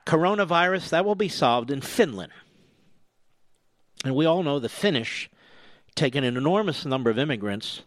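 A man's voice: fairly high pitch, fairly bright tone, no echo, clean studio sound. An older man from the US East Coast hosting talk radio, sarcastic and combative in a mocking monologue. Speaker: radio talk show host.

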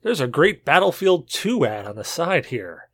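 A man's voice: a little high, big pitch swings, normal speed, no echo, clean studio sound. A tipsy man co-hosting a podcast, rambling through a long joke with many restarts. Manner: rambling, self-interrupting, tipsy storytelling. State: drunk. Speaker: podcast co-host. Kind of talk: casual chat, telling a joke.

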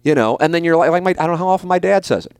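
A man's voice: a little high, expressive, rapid-fire, clear, resonant tone, no room sound, clean studio sound. A man in his forties hosting a podcast, answering listener questions in a blunt, emphatic and profane way, often repeating his points. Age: 40s. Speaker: podcast host.

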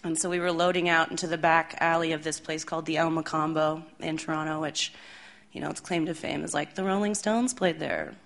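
A woman's voice: deep voice, steady tone, a little fast, a bit bright. A woman telling a tour story live on stage, chatty and laughing, with lots of fillers.

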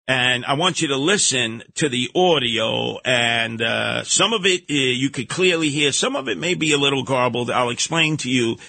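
A man hosts his radio show with a New York accent, talking in an emphatic, indignant stream. His voice is bright and tense. The studio sound is dry and close. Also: animated, normal speed, creaky, hardly any pauses, no echo. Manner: indignant, emphatic, pitch jumps on outrage. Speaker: radio talk show host. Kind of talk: opinionated radio monologue.

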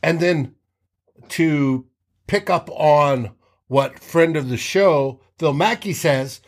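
A man hosting a casual sports talk show, telling game stories with animated re-enactments of players' shouts. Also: fairly high pitch, slow pace. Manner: animated, acts out players' shouts mid-story.

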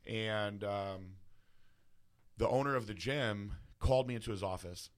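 Male guest, deep voice, candid profane personal story. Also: measured pace. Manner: casual, profane, heavy use of filler words. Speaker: guest bodybuilder.

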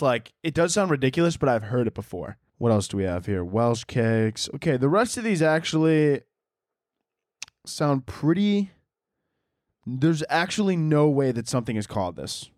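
A man's voice: mid-range voice, no room sound, studio quality. A man hosting a solo comedy podcast, rambling crudely and joking with frequent restarts. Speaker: podcast host.

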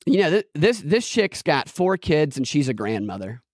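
A man's voice: a little high, very animated, normal speed, no room sound. A man hosting a podcast, chatting in a loose, sarcastic, joking way. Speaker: podcast host. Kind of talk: casual chat.

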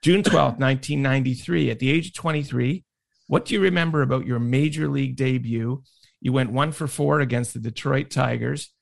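Gravelly guy interviewer, measured questions, reads out dates. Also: mid-range voice.

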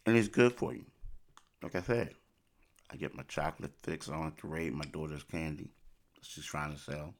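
A man's voice: rumbling low, moderate pace, long pauses. A man hosting a podcast, talking casually and emphatically, repeating himself as he reads sponsor ads. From Philadelphia. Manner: animated, repetitive, emphatic asides. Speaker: podcast host.

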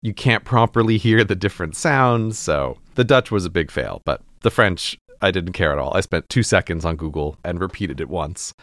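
An American man chatting casually on a podcast, animated and laughing often. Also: low voice, moderate pace, few pauses, no room sound, studio quality. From United States.

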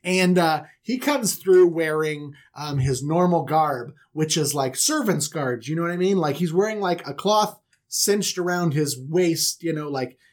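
A man's voice: fairly high pitch, measured pace, few pauses. A man comically retelling a Bible story on a podcast, slipping into silly voices. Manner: animated, puts on silly voices for characters.

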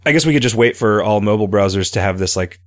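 Deep-voiced rambling podcast man. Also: fast talker, no room sound, studio quality. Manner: rambling, reads listener questions aloud. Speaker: podcast host and game developer. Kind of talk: casual podcast chat.

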